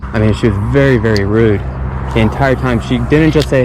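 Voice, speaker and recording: A man's voice: medium pitch, fairly quick, darkish tone, slight background noise, poor audio. A young man filming a fishing vlog outdoors at a pond on an action camera, talking in a laid-back, chatty way and often repeating himself. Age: young adult. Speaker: fishing vlogger. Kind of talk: casual vlog commentary.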